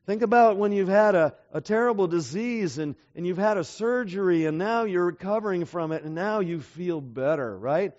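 High-voiced slow-paced man preaching. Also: darkish tone, muffled recording. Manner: asks the audience frequent rhetorical questions. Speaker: pastor. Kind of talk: sermon.

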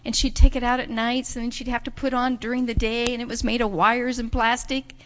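High-voiced woman telling children a story. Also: brisk, a little hiss or hum. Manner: expressive, acts out voices with big pitch jumps. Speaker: children's story teller in church. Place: church sanctuary. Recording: dull sound in a reverberant church hall.

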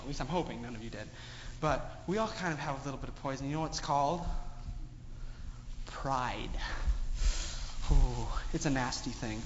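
A man telling a moral story to children in a sermon, asking them lots of questions. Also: a little high. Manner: asks children many questions, animated storytelling. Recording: echoey hall, dull sound, faint noise.

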